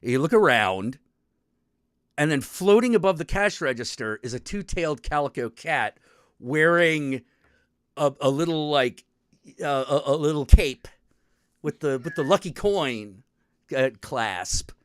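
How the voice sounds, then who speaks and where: A man's voice: a little high, unhurried, long pauses, clear, resonant tone, no echo, clean studio sound. A man hosting a stream show, casually retelling a video game with lots of swearing. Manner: animated storytelling, frequent swearing and restarts.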